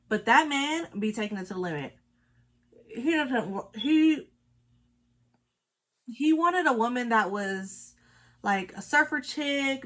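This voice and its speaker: A woman's voice: a little high, fairly bright tone. A woman, chatting casually and telling gossipy stories with sassy asides while she does her makeup. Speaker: beauty vlogger.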